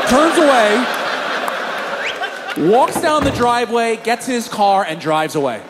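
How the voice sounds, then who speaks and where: A young adult man doing stand-up, telling his story in an animated, exasperated way. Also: very high voice, unhurried, pauses often. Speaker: stand-up comedian. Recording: live comedy club with crowd and noise.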